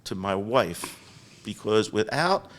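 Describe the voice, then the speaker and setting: An older man, the guest on a podcast, telling lively stories about his business with lots of restarts. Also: lowish voice, slow pace. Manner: chatty, animated storyteller with frequent restarts. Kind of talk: storytelling interview. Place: podcast studio.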